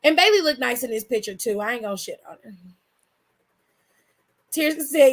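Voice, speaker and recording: A woman hosting her own channel, chatting loudly and bluntly with her chat and swearing freely. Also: high voice, animated, moderate pace, pauses often. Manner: loud, blunt, profane, reads chat aloud. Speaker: channel host. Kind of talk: casual livestream chat.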